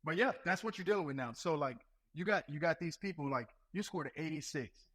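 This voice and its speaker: Male podcast guest, fairly high voice, lively pitch, emphatic slang. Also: brisk. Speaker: guest, Marine gunnery sergeant. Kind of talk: casual chat.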